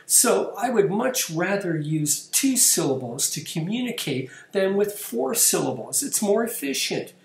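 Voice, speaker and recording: A man's voice: high voice, very animated, measured pace, creaky, few pauses. A man hosting his own video channel, talking casually to camera and reading out viewer comments in a wry, playful, self-mocking way. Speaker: vlog host. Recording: echoey room.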